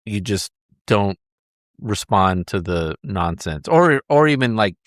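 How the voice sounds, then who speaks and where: A man hosting a podcast chats in a thoughtful, laid-back way. His voice sits on the low side, and he is recorded close on a dry mic. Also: animated, slow pace, no room sound. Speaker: podcast host. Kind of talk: casual chat.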